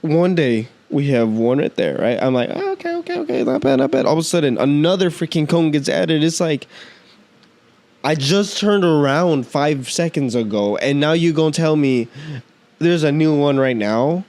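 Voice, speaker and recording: A man hosts a podcast in a heated, profane rant, talking in slangy, animated bursts. His voice sits a little high for a man. The sound is close and dry, with no room around it. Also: normal speed, dry recording. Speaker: podcast host. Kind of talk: casual ranting monologue.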